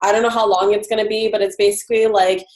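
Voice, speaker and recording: A woman's voice: mid-range voice, level tone, fast, darkish tone. A woman leads a team video call, chatting her way through announcements with easy fillers and restarts. Her voice carries a roomy echo from the space she sits in. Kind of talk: casual online team call.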